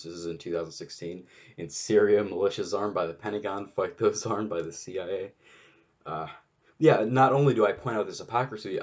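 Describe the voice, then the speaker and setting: A man's voice: sits low, highs cut off. A man giving an unscripted solo political rant, exasperated and sarcastic, swearing often and restarting his sentences. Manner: many restarts and fillers. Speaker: political commentator.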